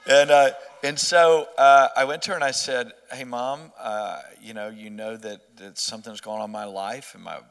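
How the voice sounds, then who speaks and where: A man's voice: medium pitch, fairly even intonation, normal speed, creaky, hardly any pauses, fairly bright tone, clean tone, long reverb tail. A middle-aged man earnestly telling a personal faith story in conversation, often restarting his sentences. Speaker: interview guest.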